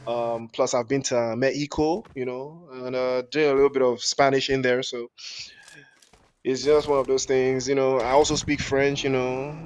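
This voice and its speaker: A man's voice: medium pitch, flat delivery, normal speed, smooth. Jokey slangy male esports caster. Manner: jokey, rambling, slangy, laughs often. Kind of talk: live esports commentary mixed with chat banter.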